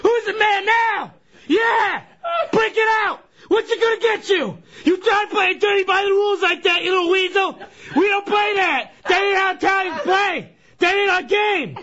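A man on a radio show yelling taunts, out of breath. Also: very high voice, moderate pace, long pauses, highs cut off.

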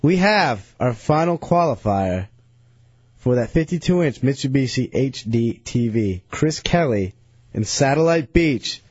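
A man's voice: medium pitch, expressive, measured pace, darkish tone, husky, no room sound. A man hosting a radio show in casual, rambling chat. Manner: laid-back, rambling. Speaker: radio host. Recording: dull, dry lo-fi radio recording.

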